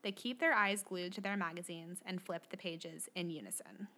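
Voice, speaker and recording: A woman narrating stage directions in a soft, low-key, scripted way. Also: moderate pace.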